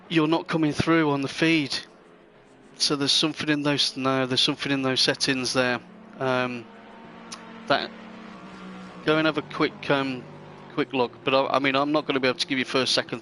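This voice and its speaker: A man's voice: mid-range voice, sharp tone, a little hiss or hum. A man hosting a sim racing live stream, chatting casually and rambling with viewers. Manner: chatty, rambling, friendly banter with chat. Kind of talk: live stream commentary chat.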